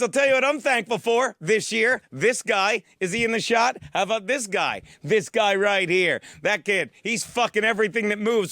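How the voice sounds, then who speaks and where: A man hosting a comic football picks show in a studio, foul-mouthed and mock-boastful, now and then bursting into shouts. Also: sits high, normal speed, few pauses, no echo, soft background music. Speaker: host of a sports-betting picks show. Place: studio with a teleprompter.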